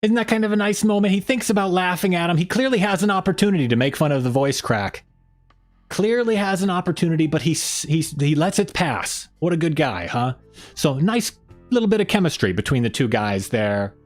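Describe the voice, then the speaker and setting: Faint music plays as a man hosts a casual live stream at a fairly quick pace. Rambling with plenty of fillers and restarts, he gets lively pitch swings whenever he jokes.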